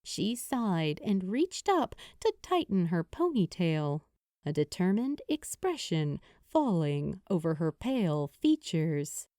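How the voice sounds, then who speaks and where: A woman reading a fantasy novel aloud in a measured storytelling manner. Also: fairly low pitch, sing-song, warm tone, no room sound, clean studio sound. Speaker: audiobook narrator. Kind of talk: scripted narration.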